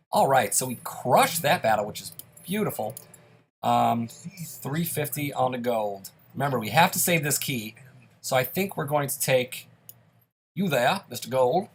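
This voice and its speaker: A man's voice: medium pitch, a bit bright. A man in a mid-range voice talks through his game run, chatty and upbeat, explaining each move as he makes it. A faint hiss of noise sits under the recording. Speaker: let's play host. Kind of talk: casual gameplay commentary.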